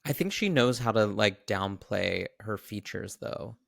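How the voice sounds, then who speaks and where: Woman co-host with a gravelly, dry-miked voice; wry, blunt movie commentary. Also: extremely low pitch, lively intonation, a little slow, no echo. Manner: wry, blunt, swears casually. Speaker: podcast co-host. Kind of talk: casual movie chat.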